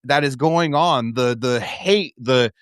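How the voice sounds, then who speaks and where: A man's voice: medium pitch, slow, clear, resonant tone, dry recording, studio quality. A man hosting his own live stream, ranting heatedly and profanely, with many restarts. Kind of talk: casual live-stream rant.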